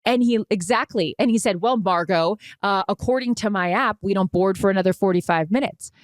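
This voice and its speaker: A woman in her forties, co-hosting a podcast, telling a dramatic travel mishap in a casual, animated way with some swearing. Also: medium pitch, fairly quick, no echo, clean studio sound. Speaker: podcast co-host. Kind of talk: casual storytelling chat.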